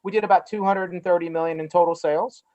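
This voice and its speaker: A man's voice: high voice, fairly even intonation, quick pace, a little mellow, muffled recording. Folksy Southern man with a North Carolina twang. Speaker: guest, cannabis company CEO. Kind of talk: casual interview conversation.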